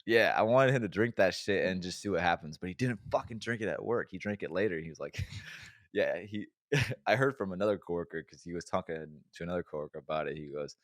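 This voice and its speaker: A man's voice: lively intonation, fairly quick, no echo, studio quality. Young man telling a story while laughing. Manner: laughs through his own story, swears a lot, gets loud and high when amused. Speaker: podcast co-host. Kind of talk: casual chat storytelling. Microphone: remote podcast mic.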